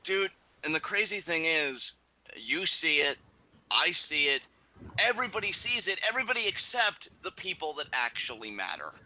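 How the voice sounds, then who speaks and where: A young man with a very bright, forceful voice, chatting casually as a co-host of a wrestling review. He talks emphatically, swears freely and breaks into animated bursts when something excites or annoys him. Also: fairly high pitch, normal speed, rough recording. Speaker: podcast co-host.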